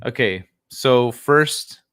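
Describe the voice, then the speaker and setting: A man's voice: mid-range voice, animated, drawn-out words, a bit bright, smooth. Laid-back man swearing through a stream. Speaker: livestream host. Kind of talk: casual livestream chat reacting to clips.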